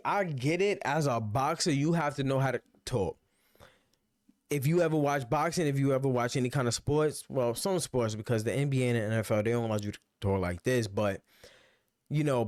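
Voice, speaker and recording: A man's voice: mid-range voice, dry recording, studio quality. A man giving casual, rambling reaction commentary on a streaming clip, often saying "bro" and "you know".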